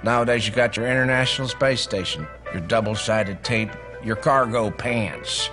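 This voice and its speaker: A man's voice: normal speed, close to an everyday voice. A man playing a folksy old Southern colonel. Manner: folksy, drawling pitchman delivery. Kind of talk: TV commercial acting. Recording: commercial with music behind. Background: music.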